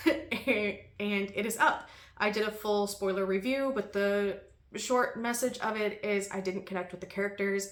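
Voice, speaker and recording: A woman's voice: medium pitch, a bit bright. Woman book vlogger, casual and chatty, laughs a lot, echoey room. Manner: chatty, laughs often, many ums. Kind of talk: casual chat.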